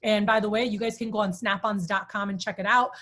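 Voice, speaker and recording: A woman's voice: mid-range voice, fairly even intonation, fast talker, a bit bright. A woman giving a casual sales training talk to a group, telling stories in a chatty way with many fillers and asking the group questions.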